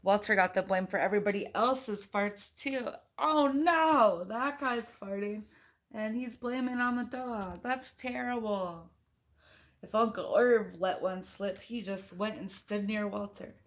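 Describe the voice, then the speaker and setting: A woman's voice: medium pitch, a little slow. A woman reading a picture book aloud to her children, playful and giggly, breaking off for chatty asides and animal noises.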